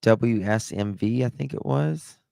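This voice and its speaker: A man's voice: lowish voice, a little slow, creaky, dark tone, no room sound. A man with a Southern accent hosting a live stream, telling stories in a chatty, rambling way. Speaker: livestream host. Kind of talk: casual live-stream chat.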